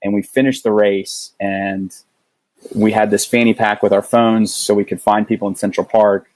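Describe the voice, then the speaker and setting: A man's voice: lowish voice, flat delivery, moderate pace, a little mellow, dry recording, rough recording. A man in his thirties, a podcast guest, telling a story in a casual way with many restarts and fillers.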